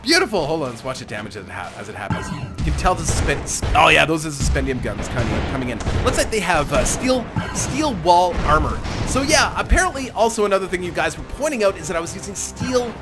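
Excitable gamer man over game music. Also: fairly high pitch, fast. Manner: excitable, thinks aloud, chuckles often. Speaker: let's play host. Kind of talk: casual gameplay commentary. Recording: game music playing under the voice.

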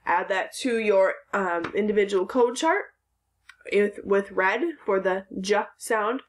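A woman's voice: medium pitch, takes it slowly. A woman teaching a recorded phonics lesson to children, patiently sounding out letters and words.

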